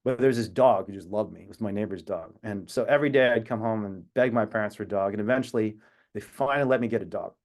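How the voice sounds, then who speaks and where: A man's voice: fairly low pitch, fast talker, a little mellow. A man speaking as an activist on a video call, telling a personal story in an earnest, reflective way with long tangents. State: emotional at times.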